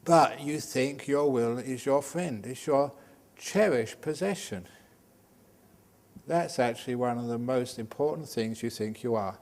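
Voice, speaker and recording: An older man, a Buddhist monk, teaching meditation in a humorous, lively Dhamma talk full of jokes. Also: mid-range voice, unhurried, vocal fry. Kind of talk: Dhamma talk at a day retreat.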